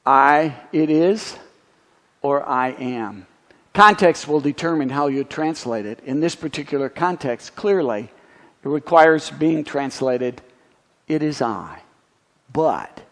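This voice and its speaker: A man's voice: on the high side, expressive, slow, long pauses, a bit bright. Pastor man preaching with long church reverb. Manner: explanatory, wry asides, spells out Greek terms. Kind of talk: teaching sermon. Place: church sanctuary.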